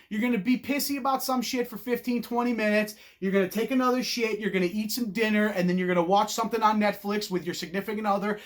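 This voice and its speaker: A man hosting an opinion show, ranting in a blunt, loud, profane and sarcastic way, mocking people in put-on voices. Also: high-pitched. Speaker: host.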